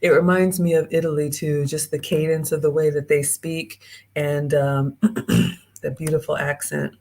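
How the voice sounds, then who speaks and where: A woman with a low voice hosts a live-streamed travel vlog. She chats casually, straight to her viewers, and greets them by name as she reads out their comments. Her tone is mellow and relaxed. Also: a little slow, vocal fry. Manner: chatty, talks straight to viewers and reads out chat. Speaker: host.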